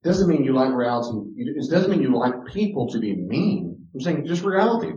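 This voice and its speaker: Very animated and warm, a man with a medium-pitched voice moves at a moderate pace with few pauses through a casual parenting talk. Speaking on parenting and character, he stays conversational and acts out quoted dialogue, though the recording is roomy, distant and dull.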